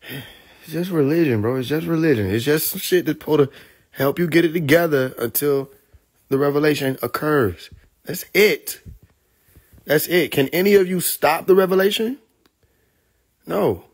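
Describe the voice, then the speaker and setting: A man's voice: on the high side, moderate pace, pauses often. Laughing man telling street stories. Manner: laughing, profane, animated street storytelling. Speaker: livestream host. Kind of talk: casual storytelling on a live stream.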